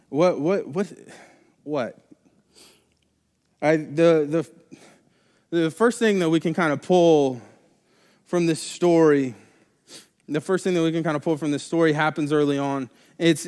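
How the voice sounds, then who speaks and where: Young male pastor, a touch high-pitched, casual rambling sermon delivery, live in a reverberant church hall. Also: smooth. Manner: casual, rambling with many restarts and fillers. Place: church sanctuary.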